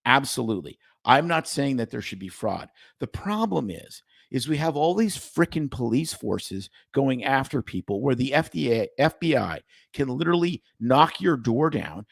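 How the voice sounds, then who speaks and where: A man's voice: mid-range voice, creaky, no echo, studio quality. A man co-hosting a casual chat over drinks, ranting and sarcastic, swearing freely. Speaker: podcast co-host.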